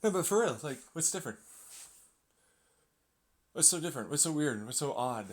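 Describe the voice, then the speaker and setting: A young man vlogging in a sarcastic, swearing ramble, arguing with imagined people. His voice sits high and leaps widely in pitch. He talks casually and fast, with a loose, mocking tone. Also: expressive. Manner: jumps between mock voices, sarcastic, swears a lot. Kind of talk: rambling monologue acting out arguments.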